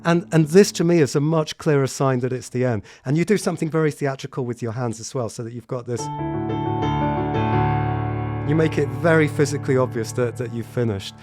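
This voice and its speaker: A man's voice: mid-range voice, fairly quick. Man teaching piano with playing between. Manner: thoughtful, hesitant, repeats words when starting. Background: piano played between remarks.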